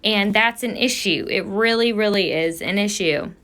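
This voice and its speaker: A woman's voice: mid-range voice, normal speed, fairly bright tone. A woman vlogger giving earnest commentary as she reads out viewer comments and lectures about service dogs. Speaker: vlogger, service dog handler.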